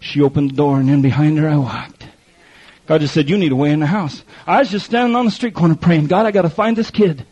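A man's voice: a little high, fast talker, a little mellow, husky. A middle-aged man preaching a folksy testimony sermon, telling stories and acting out the other people in them. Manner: folksy storytelling with quoted voices and repetition. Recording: muffled lo-fi recording.

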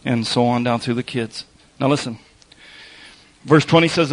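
A man's voice: medium pitch, moderate pace, pauses often, rough recording. A man preaching a sermon in a conversational way, repeating phrases for emphasis and slipping in wry asides. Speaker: pastor.

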